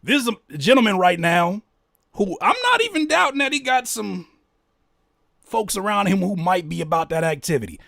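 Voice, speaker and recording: A man hosting a reaction video, commenting in a casual, mocking way and getting loud when worked up. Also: sits high, normal speed, vocal fry, dry recording, studio quality. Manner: animated, mocking, exclaims loudly when worked up.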